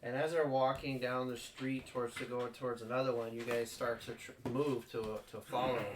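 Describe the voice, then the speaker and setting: A man running a tabletop game as dungeon master, narrating haltingly with many fillers. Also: mid-range voice, level tone. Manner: halting, full of fillers, bursts into loud character voices. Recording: roomy live stream, distant mic, background noise.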